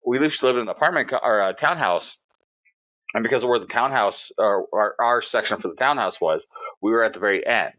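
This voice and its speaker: A man's voice: fairly low pitch, brisk, bright, forceful tone. A man co-hosting a casual podcast, telling a story in a heated, profane way. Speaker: podcast co-host.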